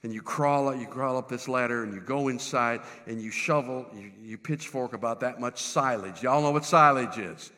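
A man pastor, telling a self-deprecating funny story in a sermon, animated with lots of restarts. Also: mid-range voice, normal speed, hardly any pauses, big-room sound. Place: church sanctuary.

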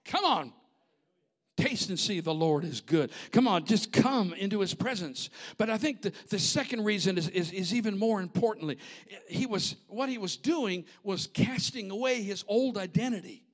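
High-voiced preacher, impassioned and shouting. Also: male voice, normal speed. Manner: impassioned, swinging from hushed storytelling to shouting. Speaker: pastor. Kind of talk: sermon.

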